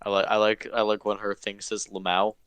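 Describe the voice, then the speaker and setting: A man's voice: fairly low pitch, completely flat delivery, brisk, a bit bright, smooth, no room sound. A man co-hosting a casual podcast chat, joking in a dry, playful way. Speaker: podcast co-host.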